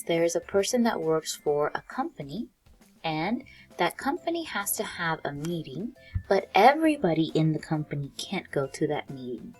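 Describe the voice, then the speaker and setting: A woman teaching English vocabulary, calmly explaining each word step by step with simple examples. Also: lowish voice, slightly rough.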